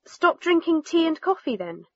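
A woman reading the lines of a patient male family doctor in a textbook dialogue, in a measured, advising way. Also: very high voice, big pitch swings, dry recording, pitched above the performer's own voice, full character voice. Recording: dull lo-fi recording.

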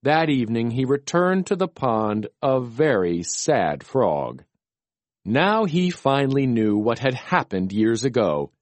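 A man narrating a children's storybook in a gentle, expressive reading voice. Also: medium pitch, no room sound.

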